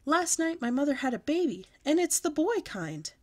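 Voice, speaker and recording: A woman reading a storybook aloud and voicing an excitable, bossy little kindergarten girl who talks loud and breathless. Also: high voice, moderate pace, voice pushed up. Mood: excited shouting.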